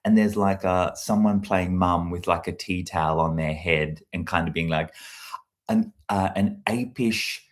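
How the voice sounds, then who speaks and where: A man's voice: deep voice, steady tone, unhurried. A man, a comedy content creator talking casually to camera in a rambling, reflective way, full of fillers and restarts. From Australia.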